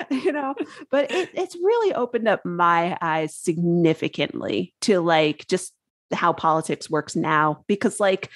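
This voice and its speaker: A woman's voice: lowish voice, no echo. A woman author guesting on a podcast interview, chatty and rambling, leaning on "like" and laughing often.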